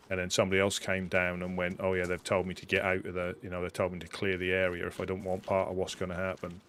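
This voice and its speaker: A man chatting casually with fellow players during a game, telling a story in a steady, level way with some fillers. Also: sits low. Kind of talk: casual chat while gaming.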